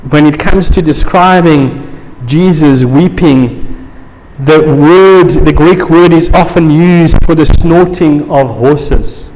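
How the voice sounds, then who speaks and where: A man preaching a sermon as pastor, slow and emphatic, repeating phrases for weight. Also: a little high, darkish tone. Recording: long hall reverb, faint noise.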